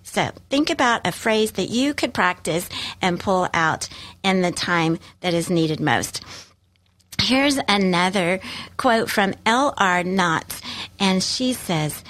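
A woman's voice: medium pitch, expressive, slow pace, fairly bright tone. A woman hosting a talk, giving parents encouraging advice and speaking directly to her listeners.

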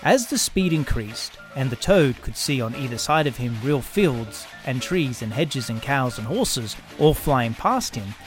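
A man narrating a children's storybook in an expressive, animated reading. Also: mid-range voice.

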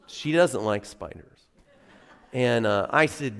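A middle-aged male pastor delivers a sermon in an easy, storytelling way, punching certain words for emphasis. His voice sits at a middle pitch with a gravelly edge. The sound carries the long reverb of a church hall. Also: unhurried. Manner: conversational storytelling, animated emphasis. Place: church sanctuary.

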